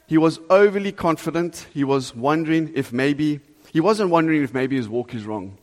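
A man's voice: a little high, moderate pace. Earnest preacher man in an echoing hall. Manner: earnest, animated preaching with rhetorical questions. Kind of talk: sermon. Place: church hall before a congregation. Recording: long reverb of a large hall.

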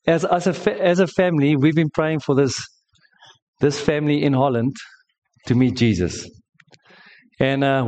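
A middle-aged man from South Africa, a pastor, tells a personal story in a sermon, animated and full of repetitions and restarts. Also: on the high side.

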